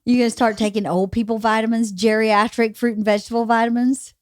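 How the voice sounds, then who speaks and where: A woman's voice: fairly high pitch, little pitch movement, fast talker, darkish tone, no echo, clean studio sound. A woman in her forties hosting a podcast, chatting casually and teasingly with her teenage daughter, sounding tired and yawning. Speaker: podcast host.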